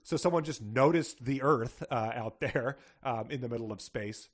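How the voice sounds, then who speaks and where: A man's voice: medium pitch, moderate pace. Laughing, joking male podcast host. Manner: jokey, laughs often, many fillers. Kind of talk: casual chat about a book.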